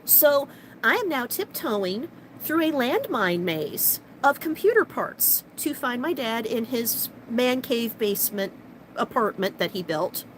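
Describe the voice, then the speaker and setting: A woman vlogger telling a personal story to camera, animated and sarcastic, with fast bursts of talk. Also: on the high side, a little hiss or hum, rough recording.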